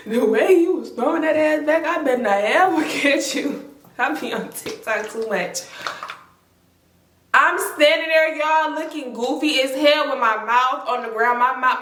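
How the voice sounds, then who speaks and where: A woman telling a storytime in an animated, slangy, exaggerating way. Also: a little high. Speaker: storytime vlogger. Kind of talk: casual storytelling. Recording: echoey room.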